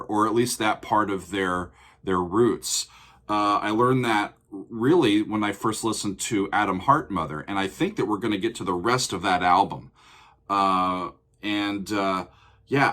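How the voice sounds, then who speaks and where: A man's voice: on the low side, bright, forceful tone. A man hosting a music reaction video, talking casually with rambling, amused, self-deprecating comments.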